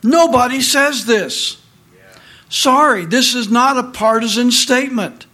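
A man's voice: extremely high pitch, a little slow, bright, forceful tone. A middle-aged man reading political commentary aloud, indignant and marking every quotation with "quote" and "close quote".

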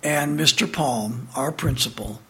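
A Midwestern American man in his seventies gives a prepared address recalling a childhood memory, telling it as an animated storyteller who shifts between emphatic and hushed moments. He has a mid-range voice and a measured pace.

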